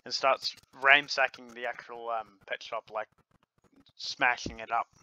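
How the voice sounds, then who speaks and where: A man running a tabletop game as game master, narrating in an unhurried, lively way, recorded on a home computer mic. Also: mid-range voice, clear, resonant tone. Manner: unhurried, lively storytelling with light laughter. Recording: dull lo-fi with faint hiss.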